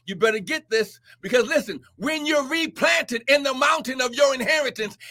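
High-voiced man preaching with whoops. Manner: shouts and whoops, repeats "listen" and "high glory". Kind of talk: charismatic sermon with prophecy.

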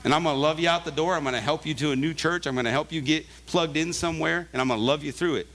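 A man's voice: on the high side, fast, fairly bright tone. A male pastor giving a sermon, earnest and conversational with emphatic turns.

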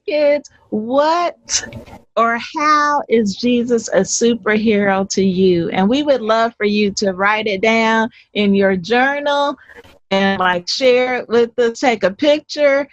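A woman's voice: a little high, no echo, poor audio. A woman co-hosting a children's lesson, speaking to kids in an encouraging, exclamatory way. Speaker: children's ministry co-host.

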